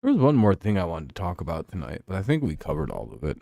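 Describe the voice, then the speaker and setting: Profane, ranting man with a low voice. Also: huge pitch swings, fast, gravelly, mellow, no room sound, clean studio sound. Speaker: host. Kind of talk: casual football talk show.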